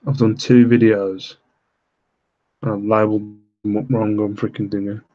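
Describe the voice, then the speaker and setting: Hushed, low British man. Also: flat delivery, dull audio. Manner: deliberately quiet, hushed voice so as not to wake his kids; rambling, with many fillers and self-deprecating laughs. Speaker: live stream host reselling items online. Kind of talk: casual live-stream chat while reading viewer comments. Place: at home at night.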